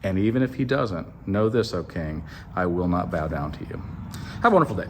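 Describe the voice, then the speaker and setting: A man with a fairly low voice tells an old Bible story as a comedy bit. He is animated and breaks off for joking asides to the listener. A faint noise sits under the recording. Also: fairly quick. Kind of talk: comic retelling of a Bible story.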